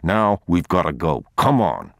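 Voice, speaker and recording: A weary, protective father speaks in short, hard phrases, voiced by a male narrator. His voice is very low, with the lines pushed out tense and clipped. The sound is dry and close. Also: very animated, a little slow, fairly bright tone, dry recording, heavily acted. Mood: stern.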